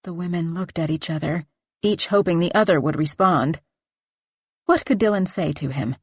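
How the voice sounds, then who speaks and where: A woman narrating a horror novel in a measured, dramatic reading on a close studio mic. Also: lowish voice, husky, dry recording. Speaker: audiobook narrator.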